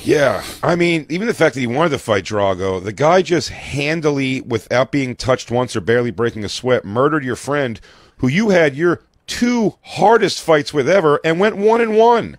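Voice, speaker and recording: Lively joking man on a podcast. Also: fairly high pitch, moderate pace. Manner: animated, joking, acts out quotes. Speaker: podcast co-host. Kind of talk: casual comedy podcast chat.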